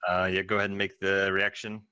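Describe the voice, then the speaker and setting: Bright, dry-voiced game master. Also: deep voice, level tone, fast talker, clean tone, no echo. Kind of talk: running a tabletop game.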